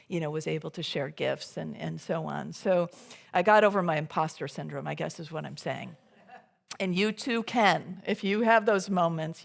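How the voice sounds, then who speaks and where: In a church sanctuary, a woman delivers a conversational sermon with a fairly low, creaky voice. Her manner is relaxed and chatty, full of fillers and restarts, and she acts out her inner thoughts as quoted speech.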